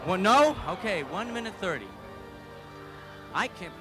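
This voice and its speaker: A man's voice: high-pitched, very animated, unhurried, over music. A man hosting a live stage show, chatty and nervous, asking questions as he counts down the time. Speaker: show host. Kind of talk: live stage emcee patter.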